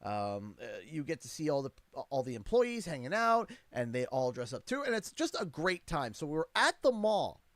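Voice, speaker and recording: Animated Canadian man telling a rambling story. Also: fairly high pitch, moderate pace, few pauses, no room sound. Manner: animated, rambling with frequent restarts, exasperated. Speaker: streamer and father. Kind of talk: casual livestream storytelling.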